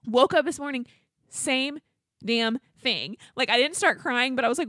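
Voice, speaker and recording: A pregnant young woman co-hosting a podcast tells a long story in loose, chatty fashion, with many "like"s and regular laughs. Her high-sitting voice sounds pushed and bright at a moderate pace. The recording is dry and studio-clean.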